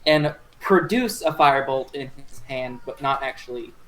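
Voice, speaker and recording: A man playing in a tabletop game, relaxed and joking, thinking aloud about his moves. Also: mid-range voice, moderate pace, rough recording. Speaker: player. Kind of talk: casual tabletop game play.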